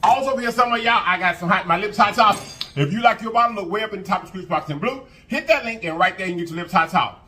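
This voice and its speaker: A high-voiced man hosts a mukbang, talking fast and casually to viewers. He's animated, with sing-song hype, and hums a lot while he eats.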